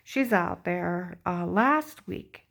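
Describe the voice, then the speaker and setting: A woman's voice: lowish voice, animated, drawn-out words, vocal fry, fairly bright tone. A woman talking in a rambling, agitated personal monologue, full of fillers and repeated check-ins. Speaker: vlogger.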